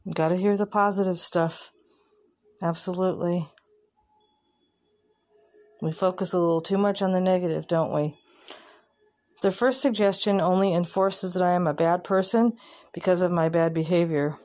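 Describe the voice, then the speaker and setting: A woman vlogger giving candid, plainspoken commentary, pausing and restarting as she thinks. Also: fairly low pitch, steady tone, a little mellow. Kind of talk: casual reflective commentary.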